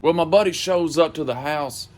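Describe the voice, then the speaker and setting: A man telling a comedic story in a casual way, swearing freely and delivering his punchlines flatly. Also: on the high side, moderate pace. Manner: profane, animated, deadpan punchlines.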